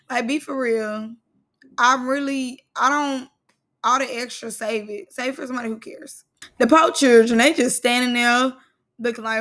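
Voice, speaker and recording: A woman's voice: a little high, moderate pace, pushed and bright. A woman vlogger recapping a reality show in casual, blunt, slangy commentary.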